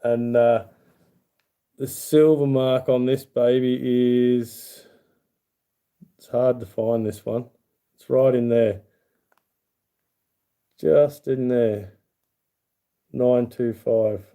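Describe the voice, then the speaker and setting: A man's voice: medium pitch, fairly even intonation, drawn-out words, long pauses, warm tone. A middle-aged Australian man hosting a casual livestream, rambling in a friendly way and reading viewer comments aloud. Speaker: YouTube channel host.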